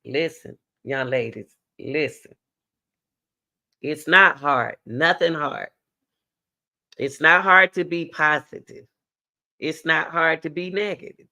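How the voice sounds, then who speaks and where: A woman's voice: sits low, takes it slowly, pauses often, sharp tone. A middle-aged woman hosting a talk show, giving blunt, emphatic advice and repeating her key words. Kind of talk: direct advice talk to a caller.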